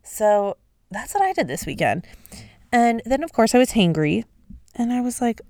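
A woman hosting a solo podcast in a casual, expressive way, swearing and laughing at her own stumbles. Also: mid-range voice, a little slow, dry recording. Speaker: podcast host.

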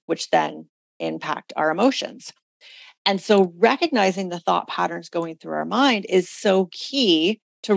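A woman hosts a coaching call, steering her listeners through reflective exercises at an easy pace. Her voice sits low and carries a gravelly fry. The sound is dry and close, with no room around it. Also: no room sound. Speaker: host leading a women's community call. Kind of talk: coaching talk on a group call.

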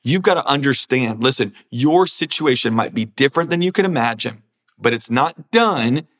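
A man's voice: medium pitch, normal speed. Earnest man preaching in conversation. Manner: earnest, animated, acts out inner voices. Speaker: pastor and author, guest.

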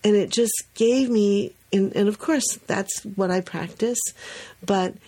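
A woman co-hosting a podcast about early childhood, telling a story in a casual, animated way and laughing often. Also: mid-range voice, slow pace.

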